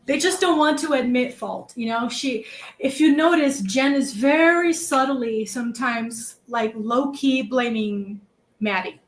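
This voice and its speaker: A woman with a Massachusetts accent chatting about a true-crime case, animated and worked up, swearing at times. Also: fairly high pitch, a little slow. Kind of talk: casual true-crime chat.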